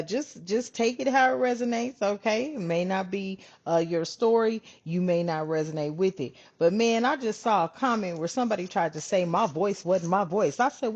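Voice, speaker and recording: Chatty woman tarot reader, lively pitch. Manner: chatty, swears freely, calls viewers family. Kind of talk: casual spiritual channel talk. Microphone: camera on her hands. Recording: dull lo-fi sound.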